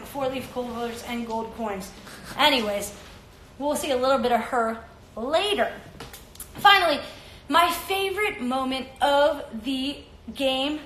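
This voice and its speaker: A woman with a high voice hosts a casual livestream chat. She talks fast and with plenty of energy. The room around her is echoey and carries a faint hiss. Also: fairly bright tone. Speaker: host of an Instagram Live soccer show. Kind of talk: casual chat and game recap.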